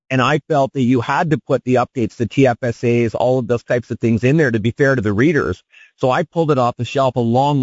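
A man, an author appearing as a radio guest, explaining his approach with animated enthusiasm. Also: medium pitch, no room sound. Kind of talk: radio interview. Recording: dull lo-fi broadcast sound.

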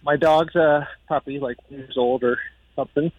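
A man's voice: on the high side, fairly even intonation, moderate pace, husky, no echo, narrow, tinny audio. A middle-aged man calling in to a radio show on the phone, chatty and laughing as he tells a story. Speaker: radio caller. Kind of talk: casual storytelling.

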